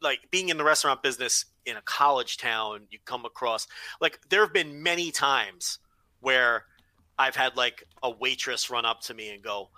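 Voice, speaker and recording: A man's voice: mid-range voice, lively intonation, moderate pace, bright, forceful tone, dry recording, low-quality recording. A man hosting a podcast, chatting casually with agreeable, rambling asides. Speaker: podcast host. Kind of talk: casual chat.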